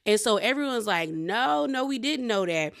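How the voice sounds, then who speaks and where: A woman's voice: a little high, expressive, moderate pace, gravelly. A young woman recapping a reality show in casual commentary, acting out quotes of the cast members.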